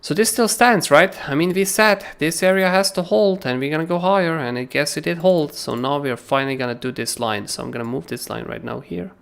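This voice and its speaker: A man hosting a crypto trading livestream, talking through charts in a casual, animated way and often asking "right?". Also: a little high, a little fast, creaky, few pauses, smooth.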